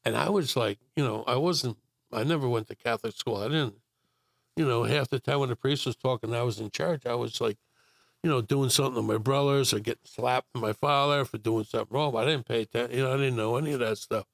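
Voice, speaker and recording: A man's voice: medium pitch, quick pace, vocal fry, no echo, clean studio sound. An older man telling his life story in a casual interview, rambling with many fillers and acting out quotes.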